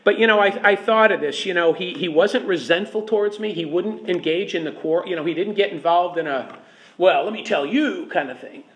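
Man, pastor, conversational bible teaching, fairly high-pitched, roomy echo. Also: brisk, a bit bright. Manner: chatty, asks the room for agreement. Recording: echoey room.

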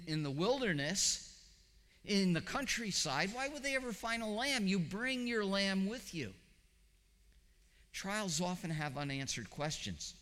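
A male pastor delivers his sermon at an unhurried pace, his voice bright and a touch high. He climbs to pointed questions, then drops low and soft. The sound carries a long reverb, as in a large hall. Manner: animated preaching, rising to high emphatic questions then dropping low and quiet.

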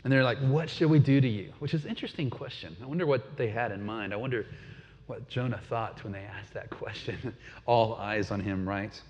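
A man's voice: lowish voice, brisk. A man preaching a sermon in a conversational way, often asking his listeners questions. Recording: dull sound with long hall reverb.

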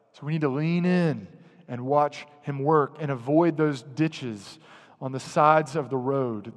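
A man with a high voice delivers an animated sermon as pastor, addressing the congregation directly. His voice carries a long reverb from the hall it was recorded in. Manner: animated, acts out grumbling voices.

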